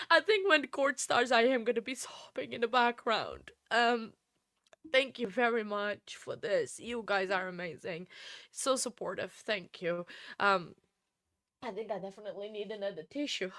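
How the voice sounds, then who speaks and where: A woman's voice: medium pitch, expressive, normal speed, bright, forceful tone, no room sound, studio quality. A woman hosting a casual livestream, tearful and gushing as she thanks viewers with frequent laughter. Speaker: livestream host.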